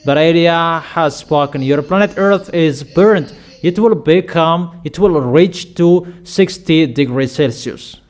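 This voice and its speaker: Fervent preacher man, halting English. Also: a little high. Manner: emphatic, commanding, addresses listeners as children; halting non-native English with repeated phrases. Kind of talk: sermon.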